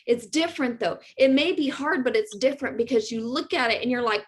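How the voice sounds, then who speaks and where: High-voiced woman coaching viewers. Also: a little fast, few pauses. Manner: earnest, animated, speaks straight to her viewers. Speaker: spiritual medium and host. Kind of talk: motivational live talk.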